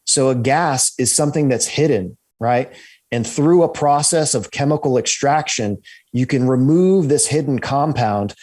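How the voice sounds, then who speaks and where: Animated man telling a story. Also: medium pitch, a little slow. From United States. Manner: animated, repeats "right?" and restarts. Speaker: podcast guest, researcher. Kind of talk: storytelling in an interview.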